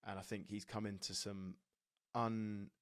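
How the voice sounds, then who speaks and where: A man's voice: on the low side, flat delivery, normal speed, no room sound, clean studio sound. An English man in his thirties hosting a rugby podcast, chatty and matey, calling his guest "mate". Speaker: podcast host, former rugby player. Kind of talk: casual podcast chat.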